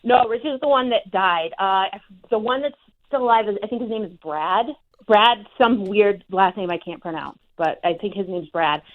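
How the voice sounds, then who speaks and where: A woman's voice: medium pitch, normal speed. A woman answers plainly and matter-of-factly in a casual chat. Her voice comes through thin and phone-like, with a narrow band.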